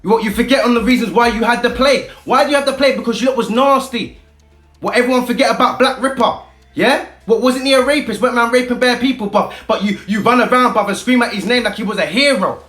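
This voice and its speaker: A man's voice: very high-pitched, fast talker, fairly bright tone, soft background music. A man, ranting to camera in a heated, confrontational way and using street slang. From Britain. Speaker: activist vlogger. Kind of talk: impassioned rant to camera. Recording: echoey room.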